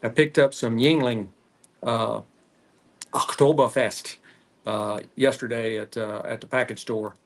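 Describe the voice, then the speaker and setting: A man with a Texan accent hosting a cigar podcast, rambling casually with frequent pauses while he smokes. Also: medium pitch, steady tone. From Texas. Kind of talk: casual solo chat while smoking.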